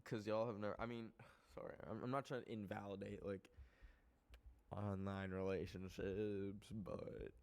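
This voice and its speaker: Rambling, animated young man podcasting. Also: fairly low pitch, measured pace, clear, resonant tone. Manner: rambling, heavy filler words, frequent swearing; animated, jumps between loud outbursts and soft asides. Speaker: podcast host. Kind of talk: casual podcast chat.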